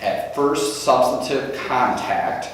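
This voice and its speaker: A man's voice: medium pitch, lively intonation, slow, a little hiss or hum. A man running a real estate training session, walking through forms step by step in a practical, conversational way. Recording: echoey room from far off.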